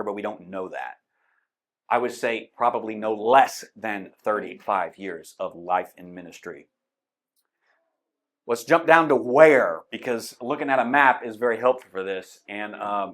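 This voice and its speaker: A man's voice: medium pitch, fairly bright tone. Casual male Bible class teacher, conversational and unscripted, pointing things out on a map. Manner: conversational, explains with a map, many fillers. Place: church classroom.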